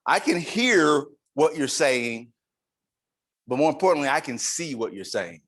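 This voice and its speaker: Animated male conference speaker. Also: on the high side, unhurried. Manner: animated, emphatic, playful with the crowd. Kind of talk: live leadership talk to an audience. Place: conference room.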